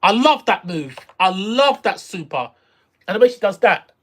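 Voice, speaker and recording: An excitable streamer reacts live to gameplay, voice leaping up and down with a bright, forceful edge. They repeat themselves and burst into exclamations. Casual live-stream chatter throughout. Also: medium pitch, normal speed.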